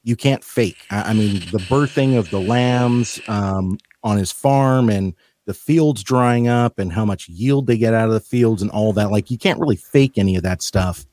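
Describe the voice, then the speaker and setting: A man chatting on a podcast, telling wry stories in an easy, relaxed way. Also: on the low side, moderate pace. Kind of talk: casual chat.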